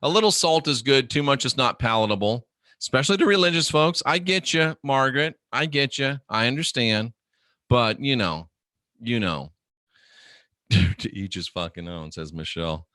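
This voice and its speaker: A man's voice: mid-range voice, expressive, moderate pace, bright, forceful tone, dry recording, clean studio sound. Profane, joking man hosting a live chat. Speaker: livestream host reading chat.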